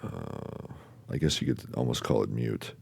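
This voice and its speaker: A podcast host with a rumbling low, gravelly voice and a breathy edge tells a personal story. His delivery is halting, full of pauses and fillers, with casual swearing and sentences that trail off quietly.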